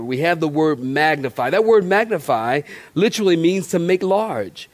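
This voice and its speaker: A man's voice: a little high, lively intonation, normal speed, few pauses. A man, a pastor preaching a sermon in a church, folksy and conversational with playful asides. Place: church sanctuary.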